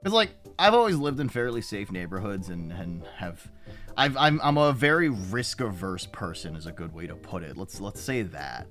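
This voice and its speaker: A man's voice: on the low side, big pitch swings, normal speed, a bit bright, soft background music. A man streaming and chatting casually with viewers, rambling with frequent restarts and plenty of swearing. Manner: rambling, profane, self-interrupting.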